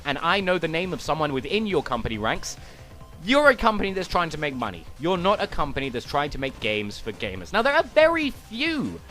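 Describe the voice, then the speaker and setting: A man's voice: high-pitched, a bit bright. A young man giving a ranting, sarcastic and profane gaming commentary. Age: young adult.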